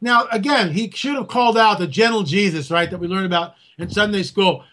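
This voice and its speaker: A man talking as an interview guest, an animated storyteller who acts out quotes. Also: high-pitched, brisk, hardly any pauses. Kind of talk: casual interview talk.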